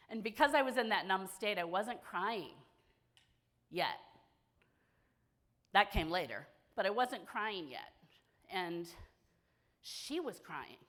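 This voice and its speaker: A woman's voice: medium pitch, big pitch swings, takes it slowly, long pauses, fairly bright tone. A woman from small-town Massachusetts giving a keynote talk on stage, telling a personal story candidly with wry, self-deprecating humor. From small-town Massachusetts, USA. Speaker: keynote speaker at a widowhood conference. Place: conference stage before an audience.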